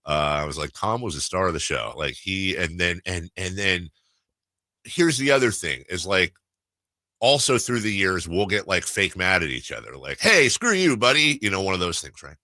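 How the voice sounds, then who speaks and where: A man's voice: low voice, normal speed, bright, forceful tone, no echo. A man hosting a sports radio talk show, telling a rambling story in casual chat with many restarts. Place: radio studio.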